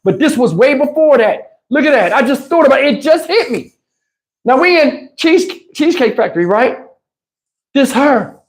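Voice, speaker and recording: A man telling a comic story on a livestream in an animated, emphatic, slangy way, with lots of cursing, into a lapel mic. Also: extremely high pitch, moderate pace. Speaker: livestream host. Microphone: wireless lapel mic.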